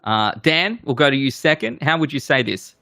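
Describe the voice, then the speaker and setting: A man hosting a relaxed game show with a bright, forceful voice. He rambles and jokes at his own expense, and the sound is close and dry. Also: medium pitch, normal speed, dry recording. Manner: self-deprecating, loose and rambling. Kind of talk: casual hosting banter.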